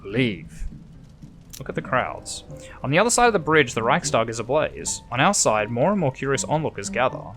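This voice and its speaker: Australian man, let's play host, casual commentary, reads game text, animated intonation, faint background music. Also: medium pitch, brisk. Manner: chatty, thinks aloud, mild swearing.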